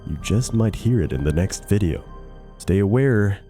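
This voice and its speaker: A man narrates horror stories in a measured, suspenseful scripted read. His voice is low and steady. Quiet music plays underneath. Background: soft music.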